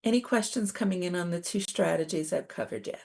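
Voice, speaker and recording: A middle-aged woman giving a calm, explanatory talk on coping with stress, as presenter. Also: fairly low pitch, a little fast, vocal fry. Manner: calm, validating, explains step by step.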